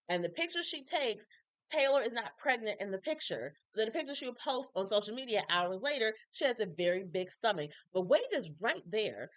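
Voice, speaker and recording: A woman gives her blunt, animated take on a true-crime documentary. She speaks at a middle pitch and often slips into short acted-out quotes. The sound is close and dry. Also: no room sound. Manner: frank and animated, acts out quoted people. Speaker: recap video host. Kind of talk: casual opinionated commentary.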